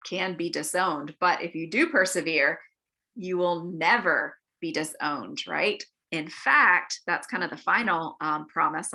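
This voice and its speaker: A woman's voice: lowish voice, bright, forceful tone. A woman leading an adult Bible study, telling a story in a chatty way with many fillers and acted-out quotes. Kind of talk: adult-forum Bible lesson. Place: church meeting room.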